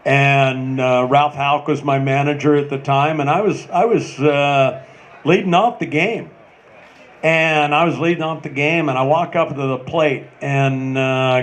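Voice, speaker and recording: Man in his sixties, rambling anecdote. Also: fairly high pitch. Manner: rambling anecdotal, many "uh" pauses. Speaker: retired ballplayer, panel guest. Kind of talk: storytelling at a live panel.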